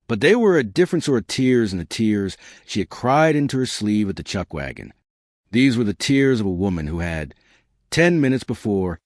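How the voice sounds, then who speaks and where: A man narrating a scripted western story in a measured, unhurried way. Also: on the low side, dry recording, clean studio sound.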